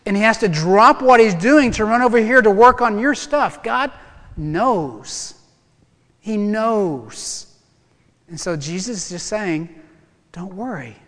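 Male pastor, high-pitched, lively sermon delivery with humor, recorded in a echoey sanctuary. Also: slow. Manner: animated, emphatic preaching with humor.

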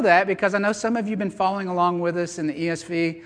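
Guy pastor preaching, kinda high voice, earnest and emphatic, long echo from the church hall. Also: steady tone, fast, a bit bright. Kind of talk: sermon. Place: church sanctuary.

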